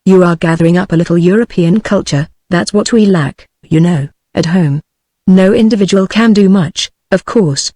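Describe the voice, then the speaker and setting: Earnest bookish older lady, synthetic British woman reading, measured, dry sound. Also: lowish voice, dry recording, close to an everyday voice. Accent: British English. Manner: even, measured synthetic delivery.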